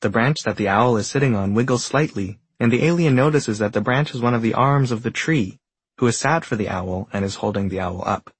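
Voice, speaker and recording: A man narrating a whimsical story in a gentle, deadpan storybook manner, with a husky voice. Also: medium pitch, brisk, dry recording. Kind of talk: scripted narration.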